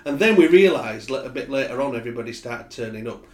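A man's voice: medium pitch, expressive, fast, a little mellow. A man tells stories in a casual chat. He swears freely and laughs often. His voice sits mid-range and sounds echoey, as if recorded in a bare room.

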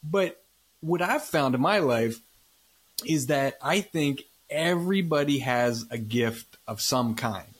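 A man with a medium pitch and a slightly rough voice talks slowly but animatedly. He's a Los Angeles-based podcast host in a casual interview chat, chatty and often ending lines with "right?"

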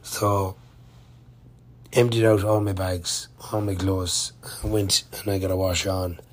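A man's voice: low voice, level tone, slow. A man telling a rambling, chatty travel-diary story of his day on the road, full of fillers and restarts. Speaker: touring cyclist vlogger. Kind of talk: casual travel-diary narration.

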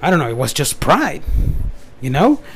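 Young man, fairly high voice, rambling casual storytelling, lots of restarts. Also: huge pitch swings, moderate pace, a bit bright, breathy edge. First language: Spanish. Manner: rambling with frequent restarts and asides. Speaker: storyteller recounting his work. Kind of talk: casual first-person storytelling.

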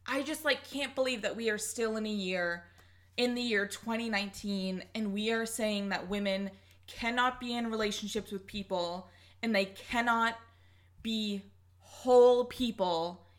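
A woman's voice: mid-range voice, measured pace. A young woman co-hosting a casual podcast, ranting heatedly and swearing often. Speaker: podcast co-host.

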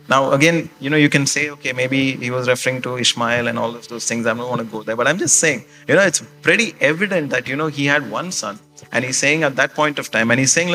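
A man's voice: a little high, animated, fast, bright, forceful tone, soft background music. A male pastor preaching a sermon in a conversational way, often checking in with the congregation with questions and "okay?".

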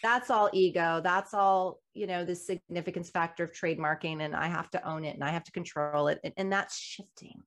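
A woman in a casual conversation, telling stories in an animated, emphatic way. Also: on the low side, a little fast, hardly any pauses. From United States. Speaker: guest.

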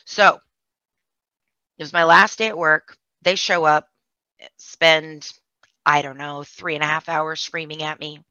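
Woman telling a family story, candid and emotional, bright tone with fry, dull dry recording. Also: low voice, fairly even intonation, a little slow, pauses often, dry recording. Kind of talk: personal storytelling.

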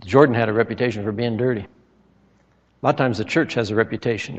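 A man's voice: mid-range voice, fast talker, husky. A man preaching a sermon, telling stories with dramatic retellings and emphatic outbursts. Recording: echoey hall, dull lo-fi sound.

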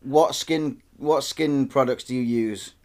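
A man's voice: mid-range voice, takes it slowly, darkish tone. A man co-hosting a podcast, talking in casual, sweary, mock-outraged banter. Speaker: podcast co-host. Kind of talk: casual chat.

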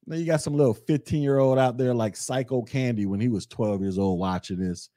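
A young man hosting a podcast, talking through his views in a relaxed, conversational way and reading chat comments aloud. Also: mid-range voice, fairly quick, no echo, clean studio sound. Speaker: podcast host. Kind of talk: casual commentary monologue.

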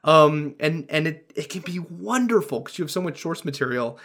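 Guy on a video call podcast, animated, laughs a lot, keeps restarting sentences. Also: fairly high pitch, moderate pace. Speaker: podcast co-host, dungeon master. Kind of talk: casual podcast chat.

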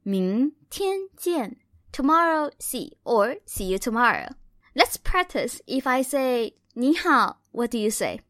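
A woman hosting a podcast language lesson, playful and correcting herself with little jokes, slowing down to model words carefully. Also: sits high, very animated, a bit bright, dry recording, clean studio sound. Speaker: Mandarin teacher and podcast host.

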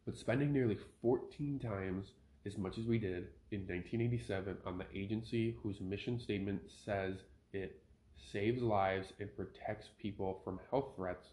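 A man's voice: sits low, darkish tone. A man hosting his own podcast, reading a news article aloud and breaking off to rant with opinionated asides. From Minnesota. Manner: opinionated, ranting, self-correcting. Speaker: podcast host. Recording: roomy home podcast recording.

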